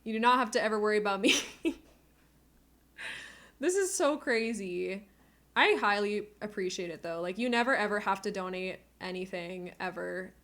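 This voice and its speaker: Here a woman streamer talks casually to her audience in a mid-range, fairly bright voice at a moderate pace. Emotional and effusive, she seems on the verge of tears and laughs a lot, recorded at home on an inexpensive desk microphone.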